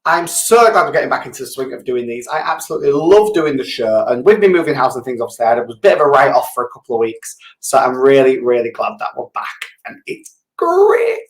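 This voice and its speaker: A man's voice: medium pitch, fast, few pauses, echoey room. A man hosting a live business show, chatting casually and rambling into self-mocking asides. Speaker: show host.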